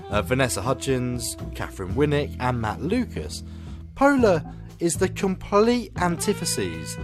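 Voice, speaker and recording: A man hosting a film podcast, sarcastic and animated as he rates the year's films. His pitch rises and falls a lot. Faint music sits underneath his voice. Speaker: podcast host. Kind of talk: casual film review and chat.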